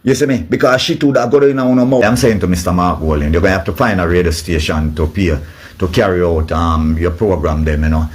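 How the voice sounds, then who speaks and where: Angry Jamaican man with a low voice. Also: steady tone, fast talker. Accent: Jamaican Patois. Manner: angry, profane, repeats himself, swings between loud peaks and low mutters. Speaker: political commentator. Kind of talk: heated political rant.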